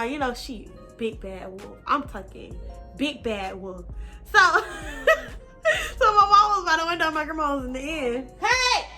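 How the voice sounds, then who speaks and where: A young woman casually telling a personal story on her vlog, slangy, animated and now and then profane. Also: high voice. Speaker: vlogger.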